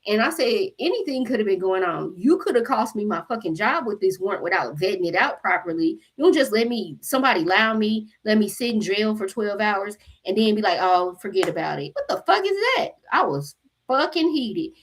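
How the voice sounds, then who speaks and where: A woman with a husky, breathy voice talks straight to her viewers in a casual, animated way. She swears freely and acts out what everyone said, at a mid pitch for a woman. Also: a little fast. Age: adult mother. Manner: animated, profane, acts out quotes. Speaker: spiritual channel host.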